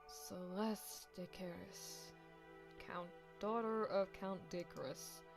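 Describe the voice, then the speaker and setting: A woman voicing a gruff, solemn old male high priest while reading a game aloud. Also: fairly even intonation, slow, soft background music. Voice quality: low, gravelly old-man voice.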